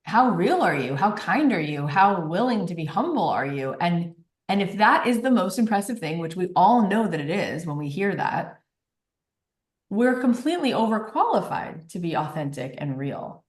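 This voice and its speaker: A woman with a low voice talks earnestly and warmly in casual conversation, gushing a little and leaning on fillers. Her voice rings with the echo of the room around her. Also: very animated, moderate pace. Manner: earnest and effusive, with frequent fillers. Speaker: guest, author and podcast host. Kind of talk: casual interview talk.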